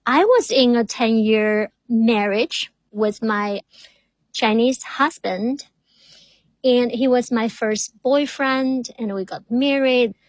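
Woman, stutters with repeated words, earnest and reflective, slightly high voice, dry sound. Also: slow pace, no echo, poor audio. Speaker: doctoral student guest. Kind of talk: reflective interview talk.

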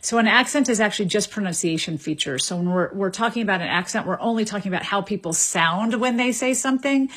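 Woman explaining in a measured way. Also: medium pitch, fairly bright tone, husky. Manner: measured, lecturing, repeats words while thinking. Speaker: linguist guest. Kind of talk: explanatory radio interview answers.

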